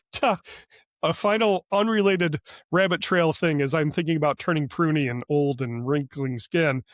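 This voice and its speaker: Middle-aged male podcast co-host, chatty and rambling, quick to laugh, slightly raised pitch, dry recording. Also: no room sound. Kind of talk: casual podcast chat.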